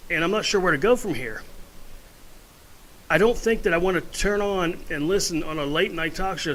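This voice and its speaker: A blunt, opinionated man talking straight into the mic in a casual home vlog. His voice sits a touch high and sounds bright and forceful. A faint hum of room noise runs underneath. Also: rough recording. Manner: blunt, opinionated, rambling asides. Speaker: vlogger.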